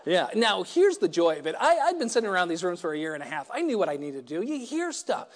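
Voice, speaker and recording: A man's voice: sits high, sing-song, fast. A middle-aged man giving a personal recovery talk, wry and self-deprecating, often stammering and restarting his sentences. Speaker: recovery meeting speaker.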